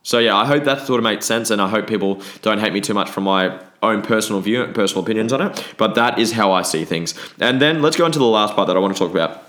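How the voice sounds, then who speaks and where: Talking quickly with few pauses, a man with a fairly low, fairly bright voice hosts a podcast. His casual monologue is blunt, full of swearing and restarts.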